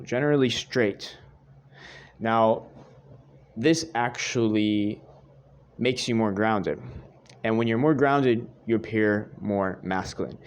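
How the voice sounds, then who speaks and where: Here a young dating coach with a mid-range, darkish-toned voice addresses viewers head-on. His advice is earnest, his points get repeated, and he refers to the audience as "guys."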